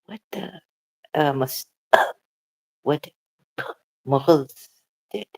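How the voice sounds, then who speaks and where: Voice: medium pitch, very slow, darkish tone. A channel host talking emotionally and hesitantly in a casual livestream chat.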